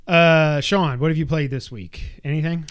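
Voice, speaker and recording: A man's voice: on the high side, fairly even intonation, normal speed. A man co-hosting a podcast in casual chat, joking and teasing as he jumps between topics. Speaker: podcast co-host.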